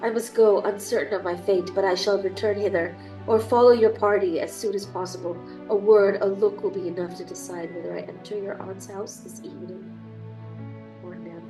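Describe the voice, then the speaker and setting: A woman's voice: mid-range voice, brisk, soft background music, low-quality recording. A young woman with a cold, streaming a dating sim and reading its text aloud with chatty, gushing asides. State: has a cold. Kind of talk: reading game text aloud with casual commentary.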